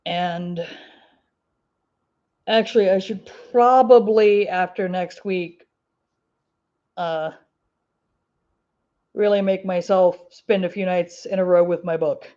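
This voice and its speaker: A woman's voice: lowish voice, steady tone, slow pace, pauses often, mellow, dull audio. A woman with an Ozark twang hosting a crafting livestream, chatting casually with viewers in a rambling way and laughing often. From Ozark Mountains, US. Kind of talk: casual livestream chat answering viewer comments.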